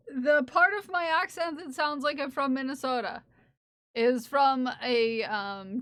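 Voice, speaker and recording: A woman's voice: fairly high pitch, fairly bright tone, dry recording, clean studio sound. A woman streamer in casual chat, rambling with many fillers and restarts, her speech drifting between several accents. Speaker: live streamer.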